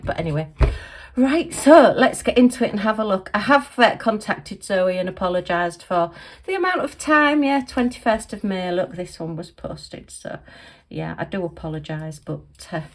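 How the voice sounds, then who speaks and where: A middle-aged woman chats through an unboxing at home, often exclaiming and thanking, heard through a camera mic. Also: medium pitch. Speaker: crafting vlogger. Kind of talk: casual unboxing chat. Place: home room at a desk.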